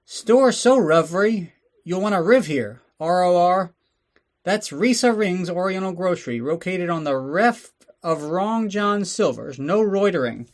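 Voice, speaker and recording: A man voicing a brash male shopkeeper hawking his store in a mock radio ad, with a loud sing-song pitchman delivery. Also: lively intonation, measured pace. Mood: hard-selling.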